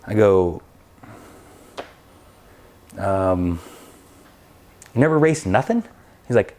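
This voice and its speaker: Man telling a lively racing story. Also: deep voice, drawn-out words, pauses often. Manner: animated anecdote telling, acting out both sides of dialogue. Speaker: drag racing school owner and crew chief. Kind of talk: casual storytelling.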